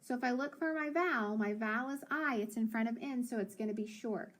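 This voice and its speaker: A woman teaching a phonics lesson to children, sounding out letters and words slowly and clearly. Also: a little high.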